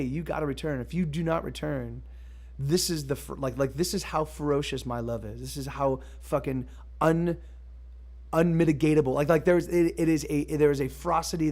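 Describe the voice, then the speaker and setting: A man streaming live as a musician, chatting casually between songs in a rambling, halting way, restarting his sentences often and swearing now and then. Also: fairly high pitch. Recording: loud guitar music behind.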